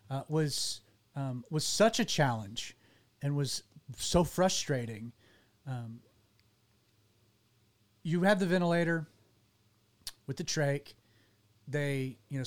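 A man telling a personal story to his interviewers in an earnest, halting way, often restarting his sentences. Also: a little high.

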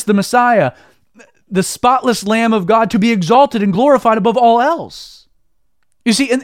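A man's voice: high-pitched, dry recording. Male preacher, casual devotional talk, chatty with lots of restarts, dry close sound. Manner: conversational, heavy use of "like", frequent restarts. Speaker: Christian preacher.

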